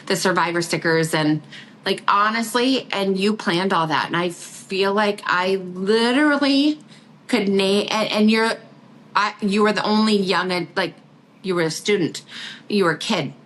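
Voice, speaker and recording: Middle-aged woman, podcast guest, lively and laughing, light background noise. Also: fairly low pitch, poor audio. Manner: laughing, animated storytelling with quoted voices. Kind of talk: casual chat.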